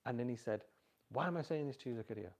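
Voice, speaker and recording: With a racing pace, a mid-range voice, and vocal fry, a middle-aged man speaks informally to a live audience about parenting from a religious angle. He brings his stories to life with animated quoted voices and tests the crowd with repeat-back questions.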